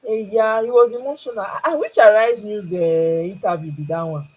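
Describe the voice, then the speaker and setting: A woman's voice: lowish voice, expressive, normal speed, darkish tone, husky, poor audio. A woman with a Nigerian accent, hosting her own channel and talking to viewers in an emphatic, casual way, switching between English and Pidgin. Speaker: host. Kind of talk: casual political commentary to viewers.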